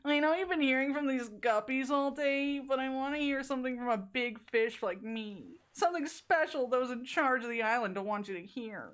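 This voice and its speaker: A woman's voice: high voice, normal speed, few pauses, a bit bright, voice pushed up. Woman putting on a nerdy cocky flirt. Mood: smug. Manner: smug, boastful.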